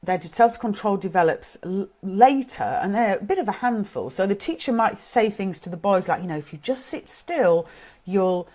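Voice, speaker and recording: A woman's voice: medium pitch, animated, brisk, dark tone. A middle-aged woman with a British accent giving an informal, earnest talk on parenting, thinking aloud as she goes. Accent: British English. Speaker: parenting coach.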